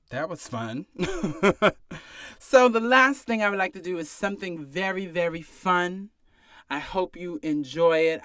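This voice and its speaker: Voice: medium pitch, a bit bright, clear, resonant tone, dry recording, studio quality. A bartender delivering a sassy, exasperated comedic rant full of repetitive jabs. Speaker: bartender ranting to viewers.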